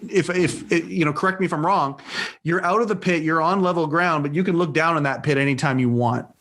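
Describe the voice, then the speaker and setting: A man's voice: a little high, fairly quick, a bit bright. A man hosting a podcast, talking earnestly in a casual interview with many restarts and repeated words. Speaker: podcast host.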